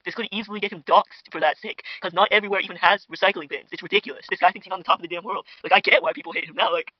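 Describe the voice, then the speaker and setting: At his dinner table at home, a young man rambles as host of a spoof internet drama commentary, full of mock outrage, gossip, fillers and asides to viewers. He has a high voice with a steady tone and rapid-fire delivery. His podcast mic gives dull audio with no room sound.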